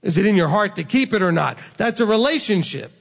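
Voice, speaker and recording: A man gives a conversational sermon in a high voice with a gravelly edge. The sound carries a long hall reverb. He acts out the quoted lines with animation. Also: very animated, fairly quick. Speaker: rabbi teaching. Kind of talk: sermon teaching.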